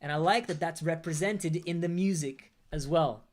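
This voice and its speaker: A man's voice: fairly high pitch, normal speed, a little mellow. A young man, a rock band's lead singer, casually chatting on a livestream, reflective and a little rambling as he talks through his lyrics and reads comments. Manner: reflective, rambling, with bursts of sung lines.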